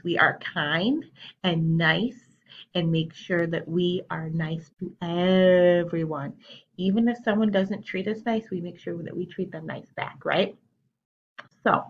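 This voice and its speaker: A woman's voice: on the low side, dull audio, a little hiss or hum. A woman teacher reading a children's picture book aloud, asking the children questions and explaining words as she goes. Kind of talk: children's storytime read-aloud.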